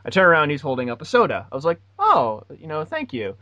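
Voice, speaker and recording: A man's voice: fairly high pitch, huge pitch swings, quick pace, bright, forceful tone, no echo, lo-fi sound. A young man in his twenties hosting a podcast, telling a rambling story in a sarcastic, casual way. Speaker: podcast host. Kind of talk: casual chat.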